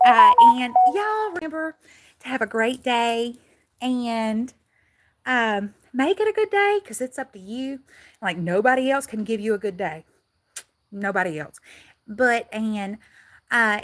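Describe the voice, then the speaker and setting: A woman's voice: high-pitched, no echo. A woman from Louisiana with a Southern accent, chatting on a casual live stream, rambling and laughing often. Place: in and around a car.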